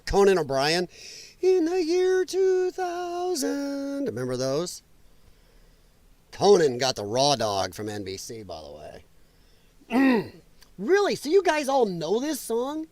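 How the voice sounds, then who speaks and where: A man's voice: on the high side, sing-song, normal speed, a little mellow, dry recording. A man hosting a casual political livestream, talking loosely and profanely, laughing often and answering chat comments. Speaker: livestream host.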